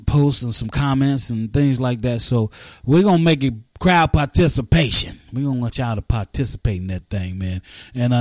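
A man's voice: mid-range voice, darkish tone, no room sound, clean studio sound. Chatty man hosting a radio show. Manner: loose, rambling, chatty with vernacular. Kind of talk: casual radio chat.

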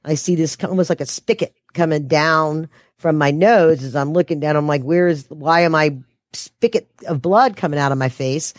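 A woman's voice: low voice, normal speed, no room sound, clean studio sound. A woman telling a personal story as an interview guest, her voice rising when she quotes herself.

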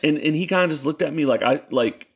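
Gravelly-voiced man telling stories. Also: fairly high pitch, fast. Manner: animated, laughing storyteller with many fillers. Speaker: youth pastor, podcast guest. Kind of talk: casual storytelling chat.

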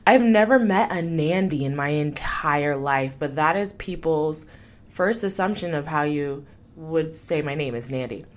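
A woman's voice: sits low, a little slow. A woman hosting her own life-coaching podcast, talking in an upbeat, chatty, encouraging way. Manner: upbeat, chatty, warm enthusiasm with frequent laughs. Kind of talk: motivational podcast monologue.

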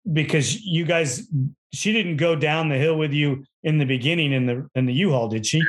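A man's voice: fairly high pitch, normal speed. Man asking short interview questions. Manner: brief prompting questions.

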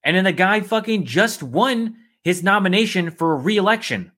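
Male podcast co-host, dry sarcastic commentator, animated pitch. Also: normal speed. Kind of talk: casual political chat.

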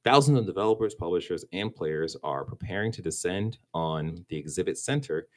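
A man with a low voice co-hosts a laid-back gaming podcast. He rambles, trips over his words and restarts his sentences, chuckling as he goes. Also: lively intonation, brisk. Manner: rambling, stumbles and restarts, laughs easily. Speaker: podcast co-host. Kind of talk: casual gaming podcast chat.

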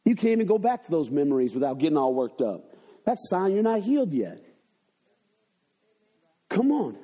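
Husky high-voiced preaching man. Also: big pitch swings, moderate pace. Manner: preachy call-and-response, swings between loud and hushed. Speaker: pastor. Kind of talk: sermon. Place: church sanctuary.

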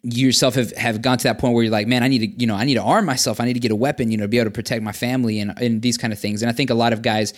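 A man, a father, speaking in casual podcast chat, thoughtful and steady, with frequent fillers. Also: medium pitch, very fast, hardly any pauses.

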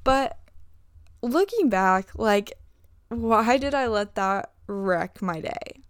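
A woman's voice: medium pitch, takes it slowly, smooth, no room sound, studio quality. A young woman hosting a casual podcast monologue as a swim coach, chatty and full of "like" fillers.

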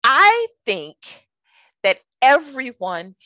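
A woman podcast host speaking slowly and warmly encouraging her guest in an interview. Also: high voice, huge pitch swings, dry recording. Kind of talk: interview chat.

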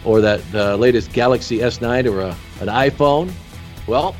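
Host: mid-pitched man, folksy pitchman delivery, faint music under. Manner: folksy, salesman-like, asks quick questions. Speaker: podcast host. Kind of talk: interview and live-read ad.

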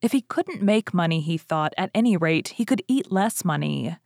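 A woman narrating a fairy tale, reading expressively with lively rises on exciting words. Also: lowish voice, normal speed, vocal fry, no room sound, clean studio sound. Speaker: story reader. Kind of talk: storybook narration.

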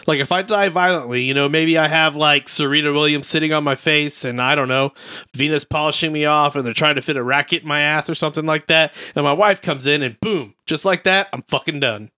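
A podcast co-host reading jokes deadpan, with a bright, forceful voice pitched a little high. He's close and dry on the mic, with no room sound around him. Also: brisk, clean tone, no echo. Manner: deadpan joke reading, crude banter. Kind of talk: casual podcast chat, reading comedians' jokes aloud.

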